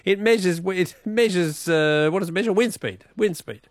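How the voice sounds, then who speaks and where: A man's voice: high-pitched, moderate pace, no room sound, studio quality. A man with an Australian accent hosting a radio quiz, playful and teasing, laughing often. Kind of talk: casual radio talk.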